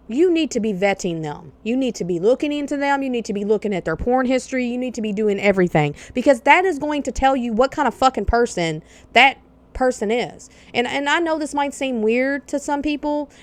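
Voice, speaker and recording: A woman hosting a podcast, telling a personal story in a blunt, candid way with plenty of swearing. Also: on the high side. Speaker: podcast host.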